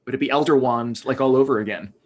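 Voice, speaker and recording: A man's voice: medium pitch, fast talker. A man co-hosting a podcast in casual chat, playfully riffing on jokes and pop culture. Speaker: podcast co-host.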